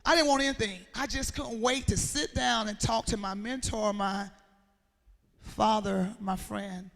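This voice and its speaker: A woman gives a motivational talk to schoolchildren. She tells a personal story, voices the people in it, and quizzes her audience along the way. Her voice is gravelly and rings through a reverberant hall. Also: medium pitch, steady tone, measured pace, a bit bright. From Mississippi, USA. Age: 40s. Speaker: motivational speaker. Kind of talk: motivational speech to students.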